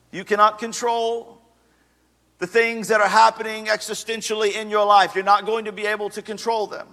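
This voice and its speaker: A man's voice: high voice, steady tone, normal speed, sharp tone. A man in his thirties preaching a sermon as a pastor, conversational and humorous, slipping into acted asides. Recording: long reverb of a large hall.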